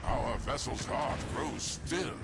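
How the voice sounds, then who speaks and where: An actor voicing a solemn adult male naval officer who announces events in a video game with grave, measured, poetic lines. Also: medium pitch, gravelly, a little hiss or hum. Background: loud game music.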